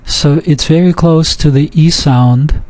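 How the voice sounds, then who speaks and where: A man teaching from a textbook in a recorded lesson, reading example words slowly and patiently with frequent hesitations. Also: fairly high pitch, darkish tone. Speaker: language teacher.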